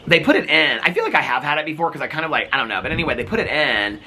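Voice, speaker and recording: A man vlogging, retelling a hospital visit in a rambling, animated way, full of "like" fillers and acted-out quotes. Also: a little high, very fast, a little hiss or hum. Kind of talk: casual storytelling to camera.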